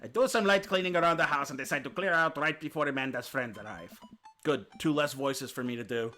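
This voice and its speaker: A man's voice: a little high, fairly quick, bright, forceful tone, soft background music. A man streaming a dating sim, reading the story aloud with playful, jokey asides.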